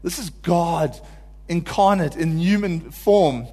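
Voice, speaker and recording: Earnest male preacher, informal sermon, a bit high-pitched, echoing church hall. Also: slow, warm tone. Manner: earnest, builds to pleading cries when quoting.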